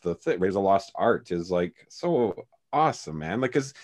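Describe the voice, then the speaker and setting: A man's voice: deep voice, very animated, normal speed, darkish tone. A man co-hosting a podcast in casual chat, rambling with many restarts and fillers. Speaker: podcast co-host.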